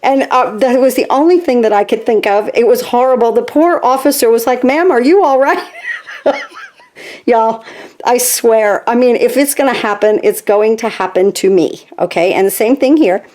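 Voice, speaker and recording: A woman in her sixties with grandchildren, a craft channel host chatting casually while she works, animated and full of "okay?" asides. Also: a little high, moderate pace.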